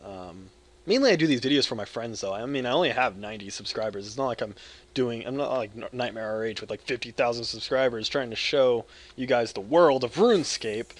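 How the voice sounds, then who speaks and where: A loud young American gaming video creator speaks at a medium pitch and brisk pace. His live gameplay commentary rambles, jokey and crude, swinging between yelling and mumbling.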